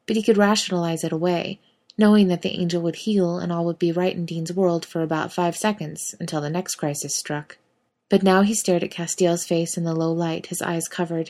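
Woman narrating fan fiction in an easy storytelling voice. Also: on the low side. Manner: even, conversational storytelling with casual swearing. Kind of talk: audiobook fan fiction reading.

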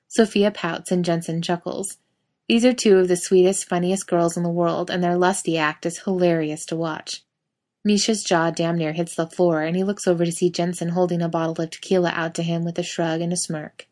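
Lowish woman narrating a story. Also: moderate pace. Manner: steady, expressive reading.

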